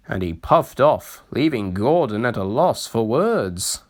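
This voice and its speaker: A man narrating a storybook reading in an expressive, unhurried way. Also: medium pitch.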